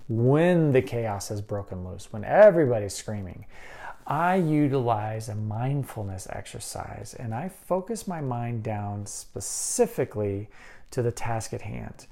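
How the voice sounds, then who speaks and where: Guy podcast host talking through parenting tips, gravelly voice, kinda dark and mellow, earnest and chatty. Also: mid-range voice, lively intonation, unhurried. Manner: earnest, conversational, many "right?" tags. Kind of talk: casual advice talk.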